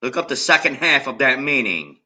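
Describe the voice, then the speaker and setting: With a sharp, sing-song, medium-pitched voice, a man delivers an angry political rant to camera fairly quickly, on a rough recording. He's agitated, cursing nonstop, and speaking directly to his viewers.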